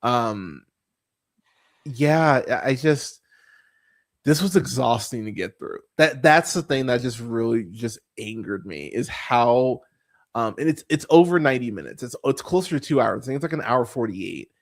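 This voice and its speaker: This podcast host rants about a film in a casual movie review, sounding exasperated and profane. His medium-pitched voice is expressive at a moderate pace, and he often stumbles and repeats words.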